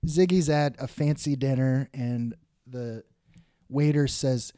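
A man co-hosting a casual comedy podcast, playful and quick to laugh, describing comic strips. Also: medium pitch, mellow, no room sound, clean studio sound. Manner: playful, laughs easily, puts on silly voices for characters. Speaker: podcast co-host.

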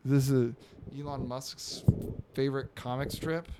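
A man's voice: medium pitch, fairly even intonation, a little slow, heavy background noise. A man co-hosting a casual comedy podcast, talking in a mid-range voice of ordinary height. He describes comic panels in a loose, playful way, joking as he goes. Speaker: podcast co-host.

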